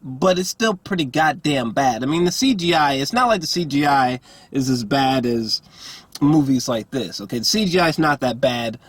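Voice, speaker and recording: A man's voice: medium pitch, expressive, moderate pace, slightly rough, no room sound. A man giving a casual, rambling movie review, exasperated and profane, full of fillers and restarts.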